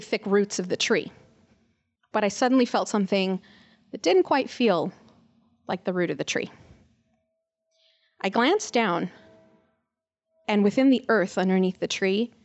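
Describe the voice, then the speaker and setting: Woman telling a personal story on stage. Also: medium pitch. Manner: conversational, earnest, personal. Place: live storytelling event.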